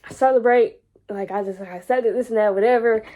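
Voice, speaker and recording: A young woman vlogs in a casual storytelling voice that sits slightly high. She repeats and restarts phrases and gets louder and higher as excitement builds. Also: fast. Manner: animated, repeats words, rises high and loud when excited. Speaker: vlogger and entrepreneur.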